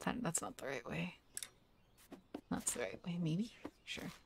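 A woman's voice: fairly low pitch, expressive, unhurried, vocal fry, slight background noise. A woman streaming a game from her home desk, chatting casually in a playful, giggly way and often apologizing to her chat.

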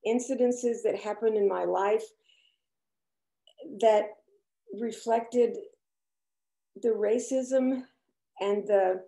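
A slow-spoken older woman with a light Spanish accent, her voice gravelly and mellow. She talks haltingly and nervously, restarting often, heard in an echoey room. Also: on the high side. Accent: Spanish-accented English. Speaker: church discussion speaker. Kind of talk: personal testimony to a group.

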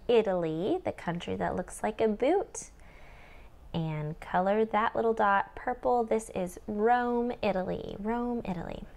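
A woman's voice: on the high side, vocal fry. Homeschool tutor woman explaining lesson plans. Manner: demonstrates classroom prompts in a bright teacherly sing-song. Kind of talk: lesson plan walkthrough.

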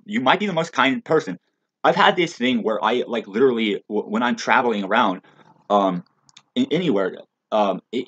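A man in a rambling, profane monologue rant, stammering and restarting, with heated loud outbursts. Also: mid-range voice, husky. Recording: dull lo-fi recording.

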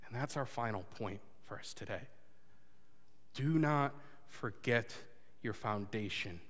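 A man preaching a sermon and telling a personal story, earnest, moving between loud urging and hushed confession. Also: fairly high pitch. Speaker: pastor. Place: church sanctuary before a congregation. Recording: long hall reverb.

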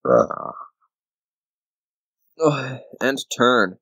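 A man's voice: mid-range voice, lively intonation, drawn-out words, creaky, fairly bright tone, breathy edge, dry recording, poor audio. A man casually commenting on his own board game play, counting squares aloud and grumbling at his opponent. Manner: talks to himself, counts squares aloud, mock-angry grumbling. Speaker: gamer playing a board game video game.

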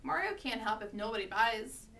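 A woman's voice: fairly high pitch, animated, moderate pace, pushed and bright, recorded from a distance, a little hiss or hum. A woman reading aloud voices a kind, peaceable father who speaks in a mild, soothing way.

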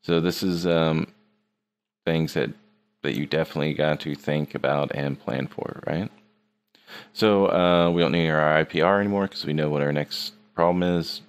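A man's voice: very deep voice, steady tone, moderate pace, clean tone. A man teaching a 3D rendering class in a casual screen-recorded tutorial, joking and teasing his students as he works. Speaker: 3D art teacher.

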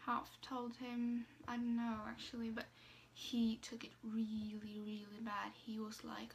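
Young woman vlogging, kinda high but really flat, lots of ums and restarts, bit of hiss behind. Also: unhurried, few pauses. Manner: hesitant, many fillers and restarts, soft asides. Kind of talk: casual personal storytelling.

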